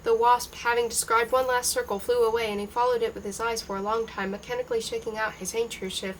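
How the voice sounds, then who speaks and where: A woman reading a novel aloud in an even, unhurried way, lightly voicing the dialogue. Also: fairly high pitch, a little hiss or hum, low-quality recording. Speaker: reader.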